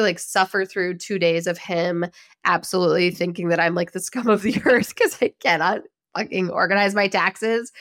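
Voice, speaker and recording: A woman in her thirties hosting a podcast, telling stories in an animated, chatty way and laughing often. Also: fairly low pitch. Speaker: podcast host. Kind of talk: casual solo chat.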